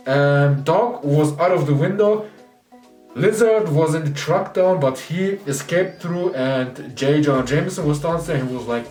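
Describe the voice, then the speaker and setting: Excited male movie reviewer, echoey and distant. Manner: excited retelling, dropping into low voices to quote characters. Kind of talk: casual spoilery movie recap. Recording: roomy echo, distant mic, faint music behind.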